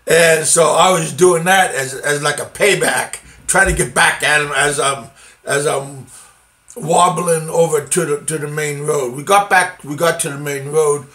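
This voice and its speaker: A middle-aged man from the United States recounts a personal story at a slow, unhurried pace. His voice sits a little high for a man. He stops and restarts often, filling the gaps with ums and uhs. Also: steady tone, bright, forceful tone. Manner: halting, many fillers and restarts, occasional laughs. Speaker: vlogger telling a personal story. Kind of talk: casual first-person storytelling.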